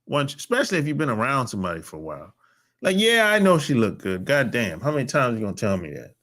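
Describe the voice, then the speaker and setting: A man's voice: very animated, fast, fairly bright tone. A man hosting a podcast, talking bluntly and emphatically, with a lot of profanity. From North America. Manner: blunt, profane and emphatic, with sudden pitch jumps. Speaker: podcast host. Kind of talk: casual monologue.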